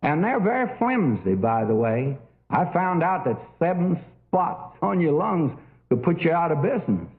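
An older man preaching a sermon in a folksy, storytelling way with many fillers. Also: fairly high pitch. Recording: tinny phone-like old recording.

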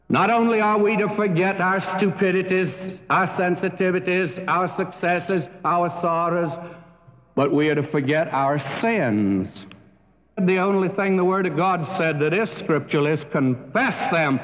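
Man, preacher, sermon, slow and deliberate, earnest, emphatic peaks, tinny sound, long reverb. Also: high voice. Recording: tinny narrow-band recording with long reverb.

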